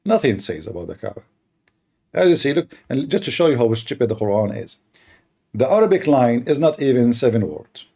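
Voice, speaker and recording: A man hosting a heated live-stream debate, mocking and combative, speaking as a with halting restarts. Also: mid-range voice, big pitch swings, gravelly, mellow. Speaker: livestream debate host.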